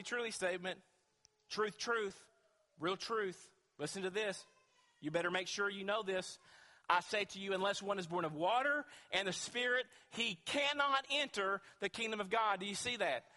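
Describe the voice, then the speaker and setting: Emphatic high-voiced male pastor preaching. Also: pushed and bright. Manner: emphatic, asks the congregation rhetorical questions. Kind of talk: sermon. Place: church sanctuary with long reverb. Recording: reverberant church hall.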